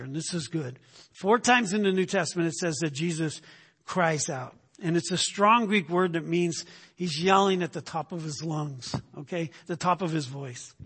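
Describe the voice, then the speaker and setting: A man's voice: high voice, slightly rough, long reverb tail. A male pastor preaching a sermon, emphatic, often tagging his points with "right?".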